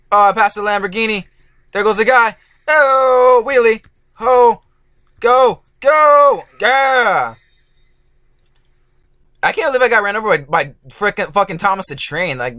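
A high-pitched man giving let's play commentary, his voice bright and bouncing up and down. He swears freely and shouts at the game, then groans when he fails. The sound is dry and close. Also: dry recording. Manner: excitable, swears a lot, yells at the game; groaning frustration at failures. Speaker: gaming YouTuber.

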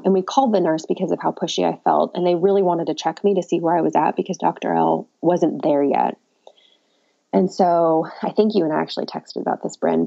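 A woman shares a birth story as a podcast guest. Her voice is low, mellow and gravelly, and she talks in a candid, chatty way with a wry, self-mocking edge. The audio is dull and lo-fi. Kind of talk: casual birth story telling.

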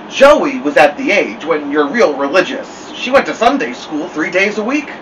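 Guy reading a kids novel out loud, lively up-and-down voice, mic kinda far. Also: on the high side, normal speed, hardly any pauses, slight background noise. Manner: lively expressive storytelling. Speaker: storybook reader.

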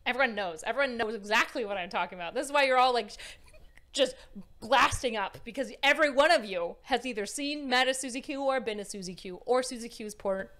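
Animated, casual young woman. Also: fairly high pitch, brisk. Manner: casual, profane, emphatic. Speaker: speaker on anxiety. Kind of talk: animated storytelling talk.

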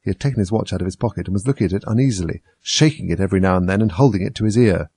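Gravelly, husky man reading a storybook. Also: low-pitched, racing, a little mellow, no echo. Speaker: narrator.

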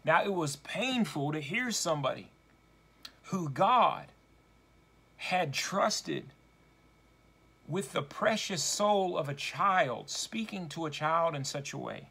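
A man preaching a sermon, slow and deliberate, leaning hard on key words for emphasis. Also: a little high, expressive, creaky, sharp tone, breathy edge.

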